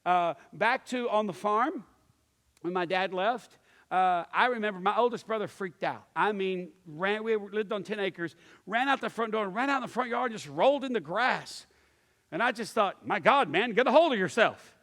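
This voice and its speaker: A man in his fifties with a high voice and a drawl, delivering a folksy sermon to a church. He tells stories and acts out the people in them with lively voices. His voice rings with a long reverb in a large sanctuary. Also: moderate pace. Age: 50s. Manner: folksy storytelling with animated acted-out quotes. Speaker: pastor.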